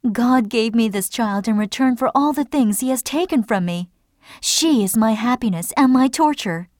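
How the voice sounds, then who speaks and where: A man voicing a defiant young mother in an audiobook, pleading in a high, strained voice. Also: expressive, normal speed, dry recording, clean studio sound. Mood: desperate pleading. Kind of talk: audiobook narration with character voices.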